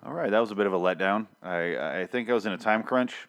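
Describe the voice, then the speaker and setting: A man hosts a podcast in a low, easygoing voice. He rambles and corrects himself often. His tone stays self-deprecating. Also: fast. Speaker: podcast host. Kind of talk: casual podcast chat.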